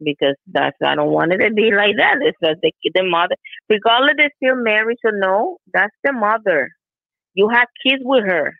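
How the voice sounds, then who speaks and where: A woman with a medium-pitched, creaky, animated voice chats casually at a moderate pace. She's hesitant, repeats herself, and often breaks into laughter. The recording is dry and comes through a tinny phone line.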